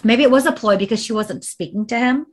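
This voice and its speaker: A woman's voice: a little high, fast. A woman co-hosting a podcast, telling a story casually, acting out quoted speech and swearing freely. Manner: animated, acts out quoted speech. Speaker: podcast co-host.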